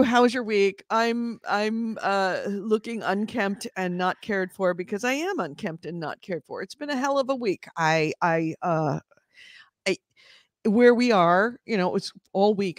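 A woman's voice: medium pitch, measured pace, dry recording. Woman on a podcast going off in mock outrage, voice swoops up and down a lot, dry sound. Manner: animated, mock-outraged ranting. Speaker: podcast co-host. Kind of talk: casual chat.

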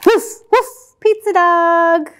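A woman voicing a hungry, excited little girl who squeals animal sounds in a storybook reading. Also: extremely high pitch, slow pace, slight background noise, pitched above the performer's own voice, full character voice.

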